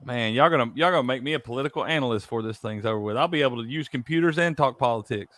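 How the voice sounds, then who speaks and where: A man's voice: medium pitch, very fast, fairly bright tone, dry recording. A man hosting a sports betting stream, laid-back and reading off picks. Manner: laid-back, drawling, reads lists of picks. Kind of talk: casual sports chat.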